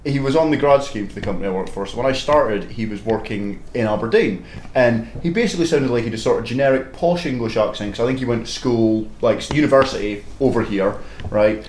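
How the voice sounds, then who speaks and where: A man, a regular co-host, talking loudly in a casual podcast chat and jumping high in pitch when he mimics people. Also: quick pace. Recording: roomy sound with faint noise.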